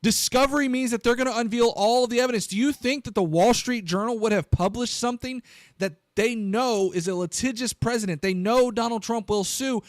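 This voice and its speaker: A man hosting a live political commentary stream, animated and incredulous, talking straight to his viewers. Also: very high voice, no room sound, clean studio sound.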